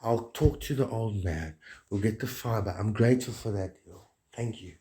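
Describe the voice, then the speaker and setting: A man's voice: lowish voice, normal speed, mellow. A man delivering a rambling, grandiose monologue, preachy and swearing often.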